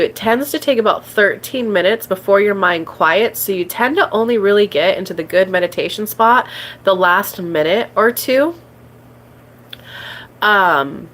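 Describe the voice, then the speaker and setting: A woman's voice: mid-range voice, fairly bright tone. A woman hosting a spiritual coaching live stream, chatting casually and filling her talk with "like" and "um". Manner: chatty, peppered with "like" and "um", reads viewer comments aloud.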